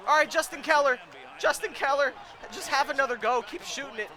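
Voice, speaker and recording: A man commentating his own video game, pleading with and yelling at the players in a frantic way, his voice starting to go hoarse. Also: very high voice, normal speed, a crowd in the background. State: voice going hoarse. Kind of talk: excited let's-play commentary.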